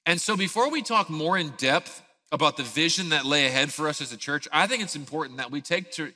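Pastor, thirties, bright lively storyteller, big hall reverb. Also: male voice, fairly high pitch, brisk. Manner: animated storyteller, acts out scenes. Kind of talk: sermon with a personal story.

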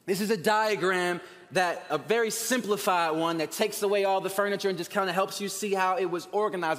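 A man with a high voice preaching in a large church sanctuary, where the long reverb of the hall trails behind every word. He presses his points with emphasis, slows down and sinks to a near-hush for weight, and leads the congregation in call-and-response. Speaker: pastor. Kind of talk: sermon.

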